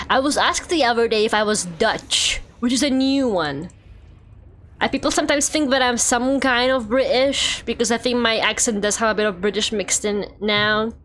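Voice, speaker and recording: A young woman from Russia chats her way through a game stream, rambling loosely and laughing often. Her voice sits a little on the high side. A faint hiss of noise runs underneath. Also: lively intonation, moderate pace, fairly bright tone. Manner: chatty, rambling, filler-heavy, laughs often. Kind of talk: casual gameplay chat.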